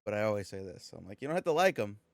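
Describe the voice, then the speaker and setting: A man's voice: on the low side, sing-song, rapid-fire, dry recording. A man hosting a podcast in casual chat, playful and blunt with showy introductions. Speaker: podcast host.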